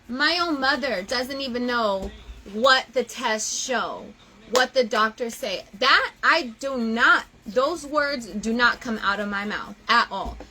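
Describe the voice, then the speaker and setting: A young woman talking casually to her viewers, animated and emotional, often gushing. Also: on the high side, rough recording. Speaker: vlogger.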